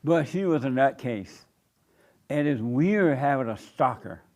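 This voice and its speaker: A pastor and show host telling a story in a casual, colloquial way, laughing often and snapping out punchy retorts. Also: male voice, mid-range voice, expressive, measured pace, a little mellow.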